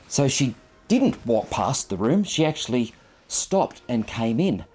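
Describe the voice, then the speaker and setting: A man in his fifties recounts a memory as a photographer, earnest and gently self-mocking. His voice is warm and mellow with a husky grain. Faint music plays behind him. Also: fairly low pitch, very animated, a little slow. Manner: earnest, reflective and self-deprecating. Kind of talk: personal storytelling. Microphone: clip-on microphone.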